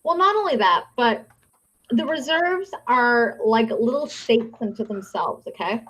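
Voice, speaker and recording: On a podcast-style live stream, a woman hosts with a heated, sarcastic, profane rant. Her high-ish voice is lively, unhurried and a bit bright, with lo-fi sound.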